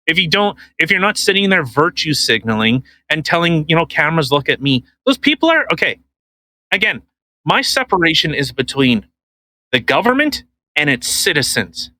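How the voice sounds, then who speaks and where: A man's voice: on the high side, normal speed, rough recording. A man co-hosting a podcast, ranting casually with lots of swearing and mocking impressions. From Canada. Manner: animated, swears a lot, mocking put-on voices. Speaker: podcast co-host. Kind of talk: casual profane podcast rant.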